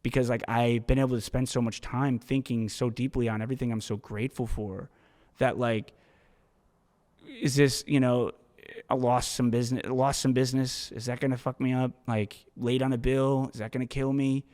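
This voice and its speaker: Man, podcast host, solo monologue, casual and profane, animated storytelling, mid pitch, long reverb. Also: moderate pace.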